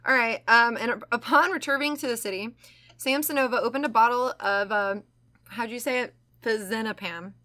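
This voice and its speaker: Speaking briskly in a voice on the high side, a woman co-hosting a true-crime podcast recounts the case casually. She laughs a lot, swears freely, and tells the story with animation.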